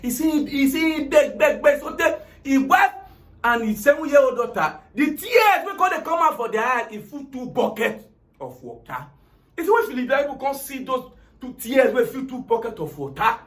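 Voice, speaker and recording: A man with a Nigerian Pidgin accent spins a comic tale and acts out every voice in it. His voice sits very high and jumps around a lot as he tells it. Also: normal speed. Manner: animated, dramatic retelling with acted-out quotes. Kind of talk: comic storytelling retelling a political tale.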